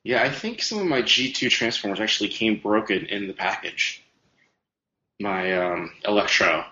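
A man's voice: on the low side, lively intonation, moderate pace, pushed and bright. A man chatting easily on a podcast and laughing along. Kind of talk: casual chat about retro cartoons and toys. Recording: dull lo-fi roomy sound.

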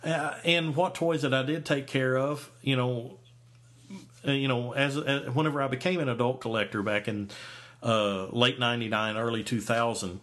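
A man's voice: medium pitch, steady tone, normal speed, fairly bright tone. A man in his forties, a podcast host, telling a story in casual chat, rambling with many fillers and restarts. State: hiccups.

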